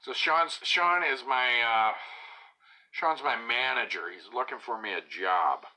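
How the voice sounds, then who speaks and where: A man with a mid-range voice speaks a little slowly as he chats casually on a live stream. He reads viewer comments aloud and makes fun of himself, sometimes slipping into soft, whispered asides.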